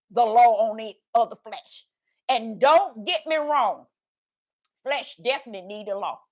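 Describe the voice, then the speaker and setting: High-voiced preacher woman questioning her chat. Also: fairly bright tone. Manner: preachy call-and-response, asking the chat questions. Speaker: online preacher. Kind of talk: livestream Bible teaching.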